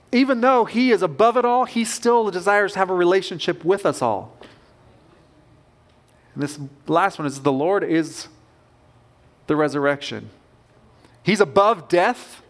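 A man preaching a sermon as pastor, earnest and emphatic, with rising bursts of conviction. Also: high-pitched.

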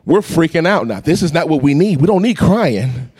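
Animated preaching man with lively pitch. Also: normal speed, husky. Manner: animated, acts out voices and sounds. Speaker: pastor. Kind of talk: storytelling sermon.

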